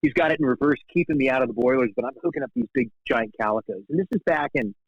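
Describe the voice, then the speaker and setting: A man in his fifties telling fishing stories. His voice is animated, and he jumps up high in pitch whenever he acts out someone he is quoting. The sound is dull and very dry. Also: racing, creaky, breathy edge, no room sound. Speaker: guest, fly fishing guide. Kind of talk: casual storytelling in conversation. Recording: dull, dry podcast audio.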